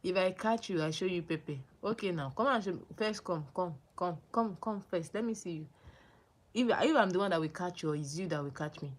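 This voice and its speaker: A woman's voice: on the low side, fairly quick. A young woman from Nigeria hosting a casual livestream, greeting viewers by name and answering their comments, often repeating herself. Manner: animated, repeats names and phrases, greets viewers. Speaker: livestream host.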